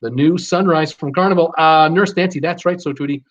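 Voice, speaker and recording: A chatty man hosts a live stream, reading out viewer comments one after another and riffing on them with jokes and frequent fillers. His voice sits fairly high for a man. The audio is dull and lo-fi. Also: fairly quick. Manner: reads viewer comments aloud and responds chattily; jokey, lots of uh fillers. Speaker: host.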